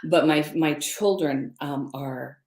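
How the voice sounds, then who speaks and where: A woman's voice: deep voice, slow pace, darkish tone, roomy sound. A middle-aged woman candidly telling a personal story as a webinar guest, with hesitant fillers. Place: room, recorded for a webinar.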